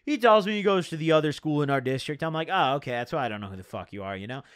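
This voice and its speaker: A man's voice: on the high side, lively intonation, rapid-fire, a bit bright, no echo, clean studio sound. A young man telling a rambling story in casual slang, full of "dude" and "bro". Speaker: storyteller vlogger.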